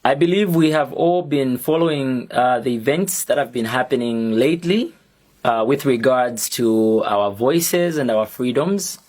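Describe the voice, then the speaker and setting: A young man with a Zambian accent delivers a public statement at a slow, deliberate pace. His tone is measured and defiant, and each point lands with firm emphasis. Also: medium pitch, lively intonation, darkish tone. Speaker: musician and activist.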